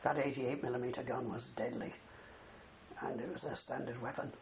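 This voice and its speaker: An older war veteran tells a long wartime story in an interview, rambling and tagging sentences with "you see." His medium-pitched voice moves little in pitch and runs a little fast. The older recording sounds dull with faint hiss.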